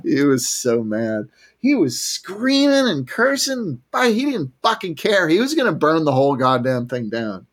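Man, guest storyteller, profane, laughing, acts out voices, a little high-pitched. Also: sing-song, a little slow. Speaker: podcast guest. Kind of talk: casual storytelling chat.

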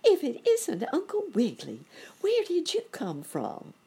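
A woman voicing a kind, bustling ant who wears glasses, in a squeaky high voice. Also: wildly swooping pitch, measured pace, dark tone, full character voice. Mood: welcoming. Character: excitable bespectacled ant, kindly and bossy.

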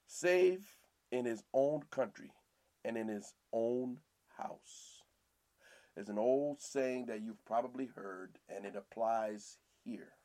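A man's voice: mid-range voice, warm tone. A man teaching scripture verse by verse in a preaching style, often repeating himself and asking "Amen?". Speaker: Bible teacher and podcast host.

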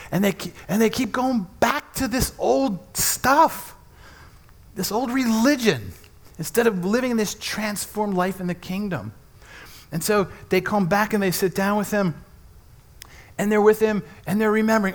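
A man delivers a sermon with a notably high voice. He tells the story in an animated way, slipping into dialogue for the figures, and a gravelly edge runs under his words. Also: moderate pace. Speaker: preacher.

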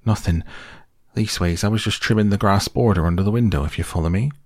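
A man's voice: fairly low pitch, fast talker, no echo, studio quality, pitched above the performer's own voice. A man voicing a nervous, humble young hobbit gardener with rustic, stammering speech, full of "sir", in an audiobook. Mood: flustered. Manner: anxious and pleading, full of "sir". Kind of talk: audiobook character voice.

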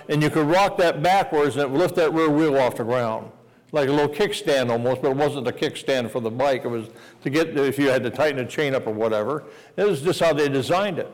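A man's voice: a little high, in a large hall, low-quality recording. A man preaching at a revival meeting, telling a homey story and tagging lines with "amen?". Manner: folksy, storytelling, asks the crowd "amen?". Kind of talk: revival sermon with a personal story.

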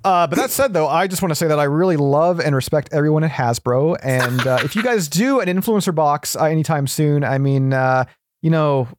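A man's voice: on the high side, a little fast, no echo. A man joining a podcast as a guest in casual chat, earnest and hesitant, with many fillers.

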